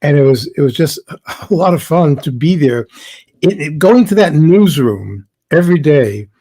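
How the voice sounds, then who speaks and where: A man's voice: a little high, animated, moderate pace, dark tone, slightly rough. Wisecracking older man guest. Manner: dry wisecracking humor. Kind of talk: casual interview.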